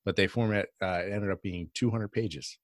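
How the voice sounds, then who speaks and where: A man co-hosts a casual podcast in a fairly low voice. He rambles, restarts his sentences and giggles often. The sound is dry, with no room echo. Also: normal speed. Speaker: podcast co-host. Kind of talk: casual chat.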